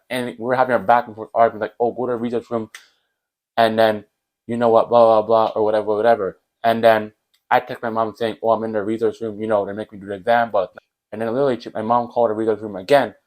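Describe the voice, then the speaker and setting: Fast-talking young man telling a storytime. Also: medium pitch, rough recording. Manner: animated, rambling, with fillers like whatever and blah blah. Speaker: vlogger. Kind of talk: casual storytime vlog.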